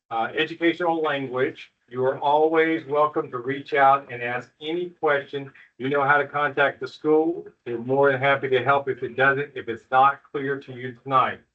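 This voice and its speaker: Man, school principal, folksy and joking, reassuring parents, heard from across the room, muffled sound. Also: mid-range voice. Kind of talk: addressing parents at a school meeting. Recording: distant, muffled room recording.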